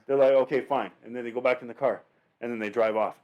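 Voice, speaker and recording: Young adult man, mid-pitched voice, podcast co-host, lively storytelling, frequent swearing. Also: fast talker, muffled recording. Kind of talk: casual chat.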